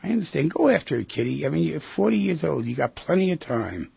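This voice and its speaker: A man's voice: on the high side, very animated, quick pace, vocal fry, breathy edge. A middle-aged man hosting a radio call-in show, counseling callers in a direct, coaxing, plain-spoken way. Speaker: radio call-in host and therapist. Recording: dry, muffled radio broadcast audio.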